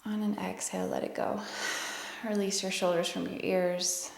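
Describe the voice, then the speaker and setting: A woman teaching a yoga class, guiding breaths and poses in a calm, soft-spoken way, her voice a little worn. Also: fairly low pitch, normal speed, vocal fry, reverberant, a little hiss or hum. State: losing her voice. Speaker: yoga instructor. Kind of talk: guided yoga class cues. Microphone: clip-on mic.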